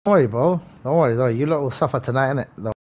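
A young man live-streaming a game, chatting casually and hyping up viewers by name in quick, slangy bursts. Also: medium pitch, darkish tone.

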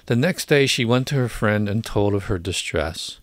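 Low-voiced man reading a classic story. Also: animated, moderate pace, no room sound. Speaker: audiobook narrator. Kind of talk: scripted narration.

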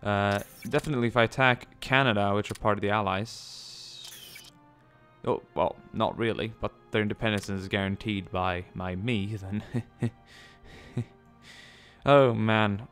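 A man's voice: on the low side, a little slow, fairly bright tone, soft background music. A man giving casual gameplay commentary, chatty, with many ums and joking asides. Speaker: let's play gamer.

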